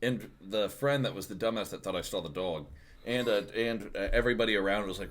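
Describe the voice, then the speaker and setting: A man chatting on a casual podcast and telling a story in a low-key, dry way. He mixes in short deadpan asides. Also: fast talker. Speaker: podcast co-host. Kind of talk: casual chat.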